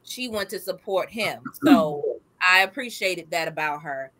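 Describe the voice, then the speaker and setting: A woman's voice: on the low side, expressive, measured pace, fairly bright tone. A woman co-hosting a movie review chat, emphatic and playful with slang. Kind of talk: casual chat.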